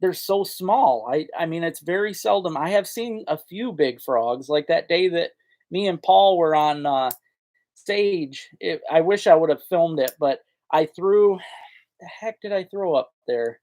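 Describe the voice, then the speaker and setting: Folksy fishing host, slightly high voice. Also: male voice, lively intonation, a little slow, a little mellow. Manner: folksy, rambling, answers chat comments. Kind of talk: casual live-stream chat.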